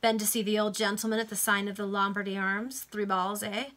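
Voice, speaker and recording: A woman reading the part of a loud, indignant male engraver who accuses two gentlemen. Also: mid-range voice, level tone, brisk, natural voice. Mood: jovial.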